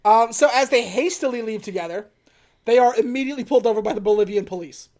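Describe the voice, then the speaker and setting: Female podcast host, slightly higher voice, casual comedic recap, acts out characters. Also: quick pace, darkish tone.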